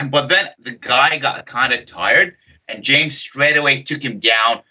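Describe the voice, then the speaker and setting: Young guy, bright cutting voice, animated casual storyteller. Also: mid-range voice, slow. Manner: animated retelling, acts out quotes and shouts. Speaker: podcast co-host.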